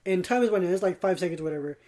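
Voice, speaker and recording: A man's voice: sits high, racing, dark tone. A young man co-hosting a podcast, telling loose, laughing, profane gaming stories. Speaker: podcast co-host. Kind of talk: casual chat.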